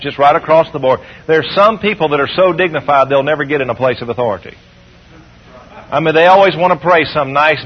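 Leading a call-and-response sermon, a husky, fairly high-voiced man slows his delivery and lifts his voice for scripture readings. It sounds like an old radio broadcast, dull and lo-fi.

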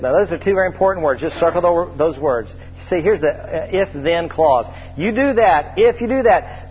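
A man with a fairly high voice preaches in a church sanctuary, drawing out his scripture readings and getting animated as he tells stories. The sound is dull and lo-fi, with a long reverb trailing off his words. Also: a little hiss or hum. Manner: preacherly, drawn-out scripture reading, lively storytelling. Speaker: pastor. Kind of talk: sermon. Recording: dull lo-fi hall recording.

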